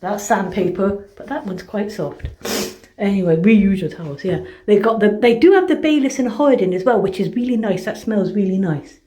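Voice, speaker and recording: A woman's voice: medium pitch, expressive, normal speed, mellow, slightly rough. A woman vlogging from a hotel room on her phone, swearing a lot as she complains and then gives a room tour. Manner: exasperated, swears often, talks to camera. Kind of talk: casual vlog rant and room tour. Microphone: phone camera.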